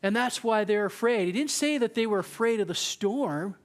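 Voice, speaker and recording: Man, high voice, conversational youth sermon, acts out the disciples' lines. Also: animated, moderate pace. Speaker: youth pastor.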